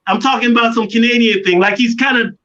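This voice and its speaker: A man telling a long studio story in a casual interview, animated and acting out what others said. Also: very high voice, fast. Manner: animated storyteller, acts out quoted voices. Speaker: guest artist. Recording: dull lo-fi sound.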